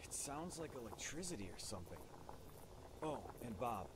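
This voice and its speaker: A man voicing a matter-of-fact rural farmer in a video game, speaking in a plain, flat way. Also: medium pitch, moderate pace, lightly acted. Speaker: game protagonist. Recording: game audio with clear ambient noise.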